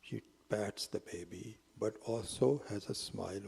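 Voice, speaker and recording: Husky breathy man, mellow and low, whispered asides, long hall reverb. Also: moderate pace, hardly any pauses. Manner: drops into whispered asides, acts out quotes. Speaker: spiritual teacher. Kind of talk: storytelling lecture.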